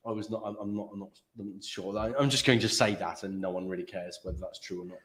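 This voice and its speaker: A man in a meeting room, chatting casually about tech in a rambling, playful way full of halting restarts. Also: lowish voice, steady tone, a bit bright. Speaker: guest, tech industry worker. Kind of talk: casual chat.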